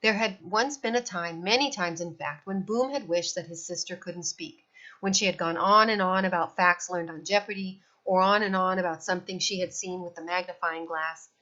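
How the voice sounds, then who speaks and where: A woman reading a children's novel aloud in an expressive storytelling voice, in a slightly dull recording. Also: fairly low pitch, normal speed.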